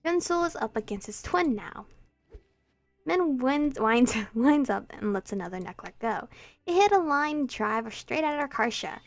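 A young woman playfully reading a visual novel aloud as a streamer, giggling and breaking into loud outbursts. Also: high-pitched, animated, measured pace, no room sound, soft background music. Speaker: let's play streamer.

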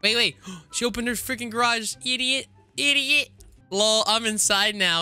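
A man's voice: very high-pitched, normal speed, pushed and bright, clear, resonant tone, dry recording, faint music behind. A man doing goofy, joking gameplay commentary as a gaming YouTuber.

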